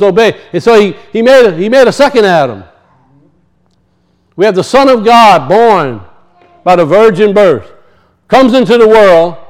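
A man preaching a sermon, emphatic, slowing down to teach word meanings and dropping low and quiet for weight. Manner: emphatic, slows to teach words, drops low and soft for weight.

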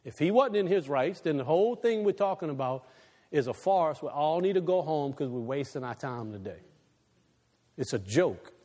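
A man preaching a sermon with a fairly high voice that swings widely up and down. His delivery is animated, loud one moment and hushed the next. His voice carries a long reverb, as if heard in a big hall. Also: normal speed. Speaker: pastor.

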